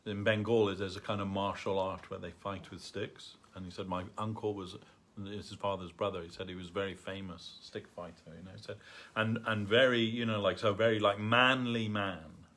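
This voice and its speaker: A man telling a story at a temple gathering in a halting way, with many fillers and restarts. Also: lowish voice, fairly even intonation, fairly bright tone. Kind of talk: storytelling talk. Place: temple hall.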